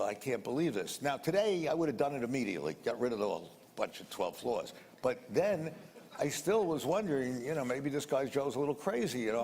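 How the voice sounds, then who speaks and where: A man's voice: mid-range voice, darkish tone. Older male interviewee, rambling anecdotal storyteller, reverberant room, light noise. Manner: rambling, colloquial, repeats sound words.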